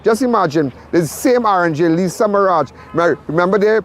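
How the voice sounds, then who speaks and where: A man's voice: high voice, lively intonation, a little fast, slight background noise. A man hosting a crime show, giving urgent, repetitive live commentary from a crime scene.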